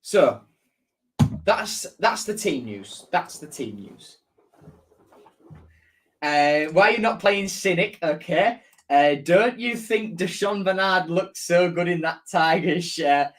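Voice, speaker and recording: A man's voice: sits high, lively intonation, slow, fairly bright tone. A man hosting a casual live-stream football match preview, chatting and reading out viewer comments as he answers them. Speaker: football fan channel host.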